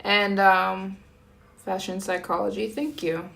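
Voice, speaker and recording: A young woman from the United States talks casually on a live stream and addresses her viewers directly. She speaks slowly and unhurriedly, in a mid-pitched voice, as she greets and thanks people in the chat. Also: little pitch movement, vocal fry, fairly bright tone. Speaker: travel vlogger live streaming.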